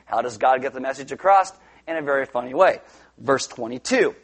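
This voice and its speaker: A middle-aged man preaching a sermon, telling a Bible story with lively asides and playful voices for the characters. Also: mid-range voice, brisk. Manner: animated storytelling, acting out characters with funny voices. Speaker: pastor.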